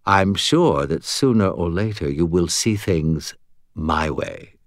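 A man reading an audiobook and voicing a cold, contemptuous female ghost, a body-stealing sorceress who speaks with calm, matter-of-fact menace. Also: low-pitched, slow, dry recording, studio quality, exaggerated voice. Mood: coldly calm.

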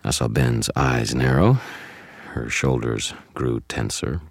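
Very deep, gravelly male narrator. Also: takes it slowly, dry recording, studio quality. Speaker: audiobook narrator. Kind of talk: first-person audiobook narration.

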